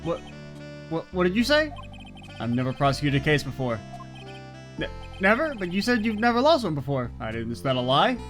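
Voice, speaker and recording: Brief: a man reading a cool, smug prosecutor, slow and low, lively delivery, soft game music under. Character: suave coffee-loving male prosecutor.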